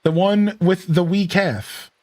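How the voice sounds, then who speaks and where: A man's voice: high-pitched, slow, a little mellow, pitched above the performer's own voice. A man putting on a brogue-rich old Scotsman. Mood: cheery. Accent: put-on Scottish.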